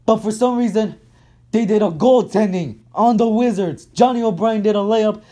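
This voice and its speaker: A man's voice: sits high, normal speed, mellow. A man ranting about his basketball team in an angry, heated way, swearing constantly and repeating himself. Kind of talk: angry sports rant.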